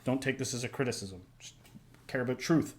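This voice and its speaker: A man hosting a casual reaction discussion, talking in an animated way that swings up and down. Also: fairly quick. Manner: animated, shifts pitch and loudness a lot, acts out voices. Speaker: reaction video host.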